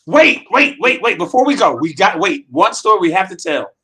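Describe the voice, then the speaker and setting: Excitable high-voiced male host. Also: normal speed. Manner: excitable, bursts into loud exclamations. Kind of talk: casual chat.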